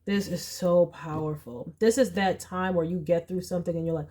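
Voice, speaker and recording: Low-voiced chatty woman reading tarot. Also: normal speed, few pauses. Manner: chatty, animated, slangy asides and acted-out quotes. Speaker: tarot reader. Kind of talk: casual pick-a-card tarot reading.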